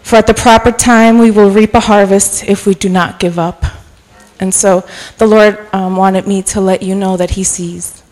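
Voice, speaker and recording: A middle-aged woman preaching informally in a church, chatty and self-deprecating, then softening into earnest encouragement. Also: medium pitch, steady tone, normal speed. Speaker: guest preacher. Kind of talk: informal sermon. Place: church sanctuary. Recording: long reverb of a church hall.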